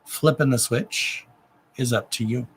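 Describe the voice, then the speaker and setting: A man giving an oracle card reading on a live stream, speaking gently and emotionally to the viewer with endearments and lots of repetition. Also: medium pitch, measured pace, slightly rough, poor audio. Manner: repetitive, emotional, self-interrupting.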